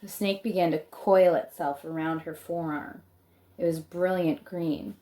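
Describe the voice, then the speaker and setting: A woman's voice: on the low side, fairly even intonation, measured pace, mellow. A woman reading a children's book aloud, stopping now and then to add chatty comments of her own. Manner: chatty asides between read passages.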